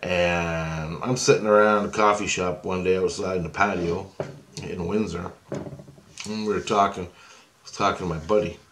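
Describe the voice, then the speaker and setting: Middle-aged man, very low voice, casual rambling storyteller, slangy and profane. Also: steady tone, normal speed, a bit bright, slight background noise. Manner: rambling, chatty, peppered with slang and swearing. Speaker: storyteller recounting a past experience.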